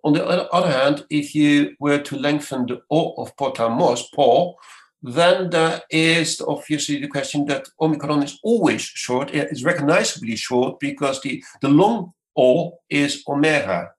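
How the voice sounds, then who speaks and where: A man answering interview questions as a scholar, lecturing in a measured way with many hesitations. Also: on the high side, low-quality recording. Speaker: scholar guest.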